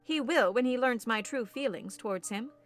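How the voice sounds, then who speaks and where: Brief: fervent headstrong young woman, read by a woman narrator, higher-pitched, declaiming over faint music. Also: normal speed, natural voice. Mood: indignant. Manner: impassioned, declamatory. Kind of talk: audiobook character reading.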